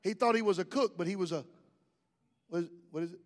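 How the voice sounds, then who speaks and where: A man's voice: high-pitched, fast talker, big-room sound. A man preaching a sermon, conversational, joking with the congregation in asides. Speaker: pastor.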